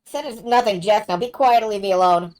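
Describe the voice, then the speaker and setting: A woman voicing a brash, stubborn young male fighter who talks gruffly in a game reading. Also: mid-range voice, a little fast, a little mellow, lightly acted.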